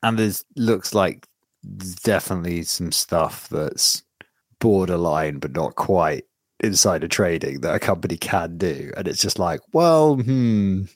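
A man's voice: deep voice, measured pace, slightly rough, no room sound, clean studio sound. A man co-hosting a podcast in casual chat, rambling and swearing as he tells stories. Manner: rambling, sweary, animated storytelling. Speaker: podcast co-host.

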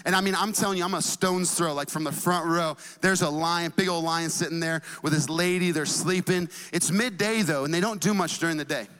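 A man preaching a sermon as a pastor, talking to the congregation in an energetic, conversational way with casual asides. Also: on the high side, fairly quick, few pauses, long reverb tail.

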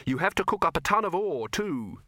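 Give me a man playing a glum, doubtful alchemist, high and wistful, in a dry, close reading. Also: big pitch swings, moderate pace, pushed and bright, dry recording, full character voice. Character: old fussy male alchemist, gloomy and sighing.

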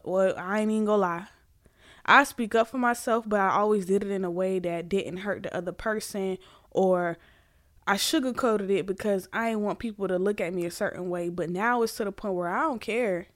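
A woman's voice: mid-range voice, dry recording, studio quality. A woman hosting a candid solo podcast, speaking earnestly and emphatically and repeating her points for stress. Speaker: podcast host.

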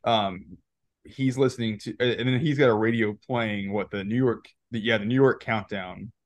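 A man's voice: on the low side, fairly even intonation, normal speed, no echo. A man co-hosting a podcast, rambling through a movie recap in casual chat, laughing often and restarting his sentences. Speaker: podcast co-host.

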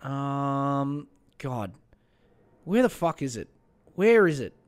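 A man's voice: medium pitch, big pitch swings, takes it slowly, smooth. A man hosting a casual solo podcast, rambling and swearing, muttering to himself and mocking himself as he searches for material. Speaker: podcast host.

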